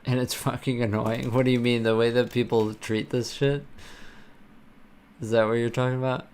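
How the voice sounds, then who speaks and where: A man's voice: mid-range voice, flat delivery, moderate pace, a little mellow, smooth. A man live-streaming while programming, chatting casually and ranting with lots of swearing and filler words.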